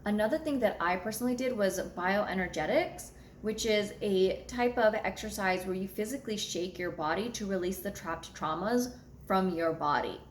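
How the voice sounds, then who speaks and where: A woman's voice: mid-range voice, normal speed, slight background noise. Candid, blunt woman astrologer in echoey room. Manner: candid and blunt, swears freely. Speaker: astrologer and channel host. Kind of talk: personal storytelling to camera.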